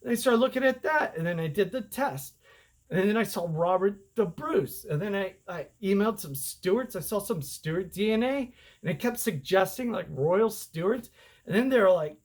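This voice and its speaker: A man rambling excitedly in a casual monologue, slangy, his voice jumping up when he feels wronged. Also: sits high, moderate pace. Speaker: self-published author and vlogger.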